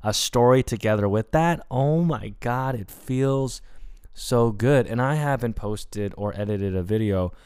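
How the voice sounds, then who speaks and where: A young man talks alone into the mic, spilling a personal story in an emotional, meandering way, full of fillers. His voice is smooth and resonant, sitting at an average pitch. The sound is close and dry. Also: a little slow, darkish tone, no echo. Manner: emotional, rambling, many "like" fillers. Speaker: podcast host. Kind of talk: confessional solo storytelling.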